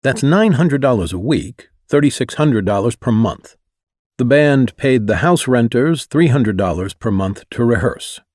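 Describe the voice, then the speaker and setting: A man's voice: medium pitch, expressive, measured pace, darkish tone, no room sound. A man narrating his own memoir in a wry, conversational way, close to the mic. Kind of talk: audiobook narration.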